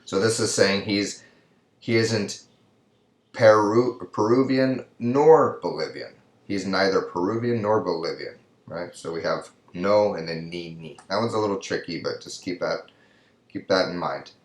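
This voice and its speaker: A man's voice: deep voice, unhurried, echoey room. A man teaching a Spanish grammar lesson, patiently explaining each answer step by step in English and Spanish. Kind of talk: recorded classroom lesson.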